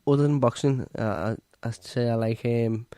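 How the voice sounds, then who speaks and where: A man answering questions as a podcast guest, slow and plain-spoken. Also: mid-range voice, warm tone, no echo. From Merseyside, England. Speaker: guest, boxer. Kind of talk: casual interview answers.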